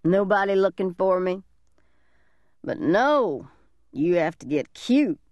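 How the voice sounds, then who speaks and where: A woman voicing a drunk, unhinged, suicidal large man who taunts in a slow, mocking drawl, in an audiobook reading. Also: on the low side, very animated, a little mellow, no room sound. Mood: menacing.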